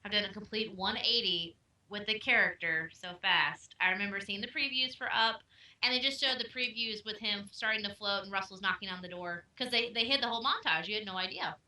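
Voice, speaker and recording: A young woman chatting casually as co-host of a film review, emotional and animated in her storytelling. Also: medium pitch, brisk, recorded from a distance. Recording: echoey room, voice off-mic.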